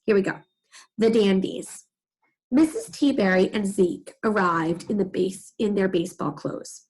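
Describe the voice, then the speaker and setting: A woman's voice: medium pitch, unhurried, a little mellow, husky, low-quality recording. A middle-aged woman teacher giving a reading lesson to young children, telling the story expressively.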